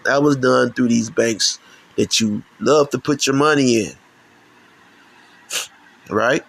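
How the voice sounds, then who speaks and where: A middle-aged Chicago man hosting his channel launches into a heated, profane religious rant, stumbling and restarting his sentences often. He talks slowly in a mid-range voice with vocal fry, and the recording is rough.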